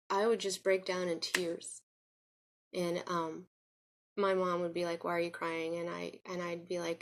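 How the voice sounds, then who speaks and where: A vlogger with a slightly low voice talks to her camera about her own life in a personal reflection. Earnest and confiding, she drifts and circles back, restarting sentences and relying on fillers.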